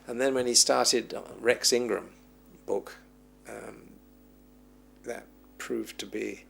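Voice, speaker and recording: A man speaks slowly with a fairly low pitch, vocal fry and a husky quality. Interviewed as a film historian, he reminisces at length, animatedly performing the voices of those he quotes.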